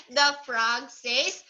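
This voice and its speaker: Very slow, bright, sing-song female teacher. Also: extremely high pitch, highs cut off. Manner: slow, exaggerated, coaxing teacher talk. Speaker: English teacher for a young child. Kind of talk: online kids' English lesson.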